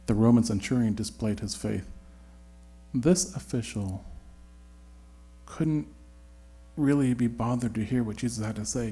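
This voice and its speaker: A man's voice: mid-range voice, unhurried, long pauses, warm tone, husky. A man leading a Bible study, talking it through in a searching, conversational way with frequent restarts.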